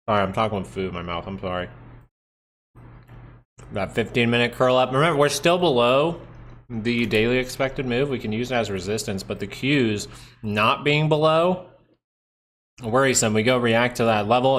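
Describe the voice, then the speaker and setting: Man, live market commentary, bright forceful tone, excitable, talks to himself about charts, desk mic. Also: medium pitch. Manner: excitable, thinks aloud, asks himself questions. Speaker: stock market livestream host.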